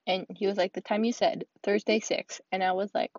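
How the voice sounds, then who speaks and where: Teen girl podcaster, husky and dry-sounding, rambling solo vent with re-enacted chats. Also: medium pitch, steady tone, fairly quick, dry recording, highs cut off. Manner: rambling, quotes conversations with "I was like"; drops to soft whispers now and then. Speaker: podcast host. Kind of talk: solo venting monologue. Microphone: earphones with mic.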